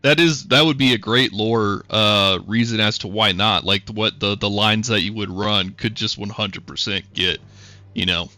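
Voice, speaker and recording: Man, game master, casual rambling, bright voice, dry sound. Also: lowish voice, normal speed, no echo. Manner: rambling, casual, swears often. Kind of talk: narrating a tabletop game.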